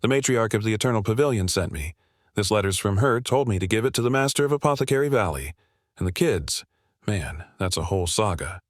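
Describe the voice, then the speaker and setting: A man's voice: on the low side, lively intonation, brisk, no echo, studio quality, lightly acted. A man reading the lines of a laid-back young male hero who talks in breezy slang.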